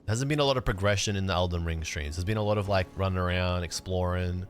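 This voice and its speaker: A young man casually chatting to his livestream chat while he plays a game, joking around and breaking into sudden excited outbursts. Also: sits low, fast talker, a little hiss or hum. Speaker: streamer.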